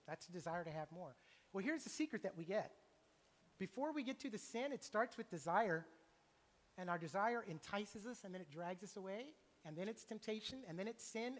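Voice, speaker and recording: A middle-aged man preaching a sermon in a church, animated and acting out the voices he quotes. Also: sits high. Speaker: pastor. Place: church sanctuary. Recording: long church reverb.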